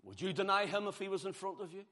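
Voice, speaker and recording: A man's voice: high voice, fast talker, bright, forceful tone. A man preaching a sermon, emphatic, repeating phrases and building force. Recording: long hall reverb.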